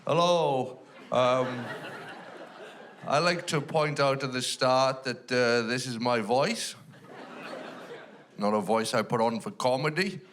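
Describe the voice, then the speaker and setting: A Welsh stand-up comedian tells dry, self-deprecating stories on a large theatre stage before a live audience, speaking slowly with long pauses in a medium-pitched, slightly bright voice. The live theatre recording carries background noise, including a faint crowd.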